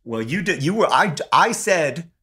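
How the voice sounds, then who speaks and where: Man, podcast co-host, bright voice, wry, teasing. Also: fairly high pitch, very animated, a little slow, husky. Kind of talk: casual podcast chat.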